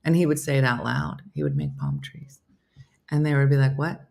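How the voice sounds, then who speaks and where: Low-pitched woman, middle-aged, chatty comedian host, storytelling. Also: moderate pace. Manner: chatty storyteller, quoting others in lively voices. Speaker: comedian hosting a live morning show. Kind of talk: casual chat reading viewer comments.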